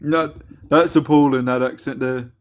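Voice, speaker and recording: A man's voice: medium pitch, fairly even intonation, normal speed. A man, joking and laughing through casual banter as co-host of a live stream panel. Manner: laughs often, mocking teasing tone.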